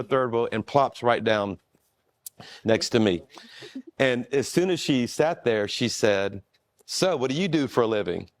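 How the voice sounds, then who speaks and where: A man who is a pastor, telling a story in a relaxed, self-deprecating way with frequent restarts. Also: medium pitch, no room sound. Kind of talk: storytelling in a conversation.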